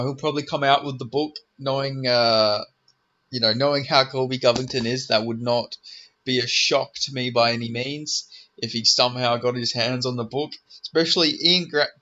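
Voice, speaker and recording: A man's voice: medium pitch, pushed and bright, highs cut off. A man giving a rambling, profane, joking preview of upcoming fights in casual commentary. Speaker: MMA commentator.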